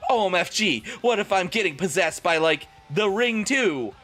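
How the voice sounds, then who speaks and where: A melodramatic gothic teenage girl, put on by a man, wails her lines in a comic dramatic reading. The voice is squeezed high and bright, with a drawling, overwrought valley-girl lilt. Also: animated, normal speed.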